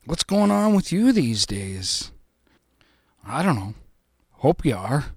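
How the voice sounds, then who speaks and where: A man's voice: mid-range voice, very animated, slow pace, gravelly, slightly rough, no echo, studio quality. A man hosting a radio show from his basement, chatting casually and playfully between songs in a loose, rambling way. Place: home basement studio. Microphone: studio microphone.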